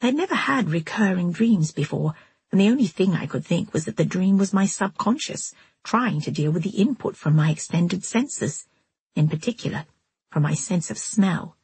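A woman narrating a novel in the first person, in a steady, measured storytelling manner. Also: fairly low pitch, breathy edge, dry recording. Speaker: audiobook narrator.

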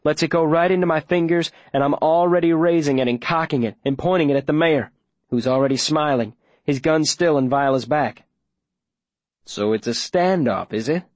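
A man narrating a first-person audiobook in a low, steady storytelling voice. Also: fairly quick, dry recording.

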